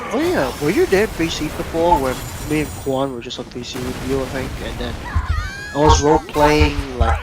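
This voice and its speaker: A man chatting casually in an online gaming voice chat, an animated storyteller who swears freely and acts out what people said. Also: medium pitch, moderate pace, over music, rough recording. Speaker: gamer in a voice chat.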